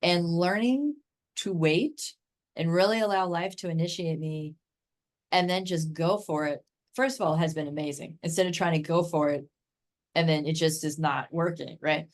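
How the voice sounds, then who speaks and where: Chatty American woman with a lowish voice. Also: normal speed. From United States. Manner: enthusiastic, talks in long chatty runs full of "like" and "right?". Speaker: guest expert in human design. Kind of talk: casual podcast interview.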